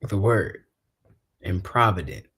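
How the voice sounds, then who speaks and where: A man's voice: low-pitched, takes it slowly, a bit bright, breathy edge. A man hosting a casual podcast chat, explaining things in a loose, rambling way and laughing often. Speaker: podcast host.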